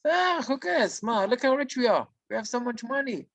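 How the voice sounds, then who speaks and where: A man's voice: very high voice, lively intonation, normal speed, a bit bright, dry recording, voice pushed up, exaggerated voice. A man voicing an upbeat, rich male business partner. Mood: coaxing. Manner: cheerful, coaxing.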